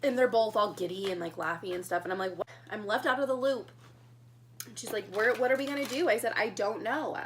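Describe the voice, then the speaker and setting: A woman's voice: mid-range voice, a little fast, slight background noise. A young woman telling a story in a casual mukbang vlog, chatting while she eats. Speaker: vlogger.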